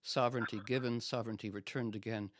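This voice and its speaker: Dame Ragnall, a hushed enchanted bride, as a man tells it. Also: on the low side, fairly even intonation, fast, dry recording, studio quality, lightly acted. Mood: solemn. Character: loathsome enchanted hag bride, later regal.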